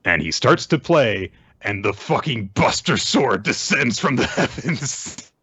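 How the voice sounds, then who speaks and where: A man's voice: mid-range voice, very animated, measured pace, bright, forceful tone, slightly rough, dry recording. A young adult man co-hosting a casual comic podcast, retelling a story wryly and swearing freely. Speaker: podcast co-host. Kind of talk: casual comic recap chat.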